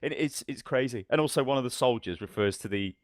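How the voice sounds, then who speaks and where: A man's voice: mid-range voice, fast talker, no echo. A man in his natural mid-range voice, recorded dry and close on a podcast mic. He chats casually and rambles through long stories, swearing and acting out people's lines as he goes. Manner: rambling, sweary storytelling that acts out quotes. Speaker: podcast co-host. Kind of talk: casual chat.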